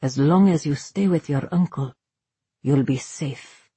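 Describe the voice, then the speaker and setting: A stern, unbending male guardian who speaks gravely and slowly, as a woman narrator puts him on. The voice drops low beneath the reader's own, husky and close, in a dry recording. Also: mellow, dry recording, heavily acted.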